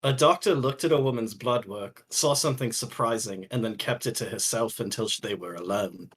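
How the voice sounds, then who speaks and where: A player voicing a wry, teasing man who acts wounded and talks in drawn-out phrases. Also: medium pitch, husky, pitched below the performer's own voice, lightly acted. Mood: explaining. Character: adult man, smooth and teasing. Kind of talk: tabletop role-play voicing.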